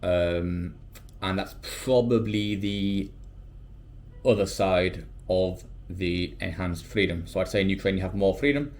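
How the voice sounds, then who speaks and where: A British man, an English teacher, talking casually to camera in an animated way and slipping into quoted voices. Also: low voice, measured pace. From United Kingdom.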